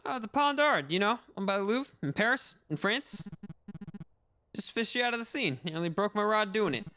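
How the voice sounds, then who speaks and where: Easygoing chatty fisherman played by a man, lively and bright. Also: sits high, normal speed, soft background music, voice pushed up. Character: chatty middle-aged male fisherman.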